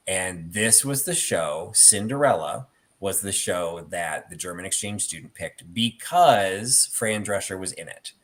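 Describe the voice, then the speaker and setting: A middle-aged man with a fairly low voice hosts a relaxed talk. He rambles through anecdotes, sprinkling in "um" and "you know" as he goes. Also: measured pace. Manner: rambling storyteller with many fillers. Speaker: host. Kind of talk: casual chat about theatre collectibles.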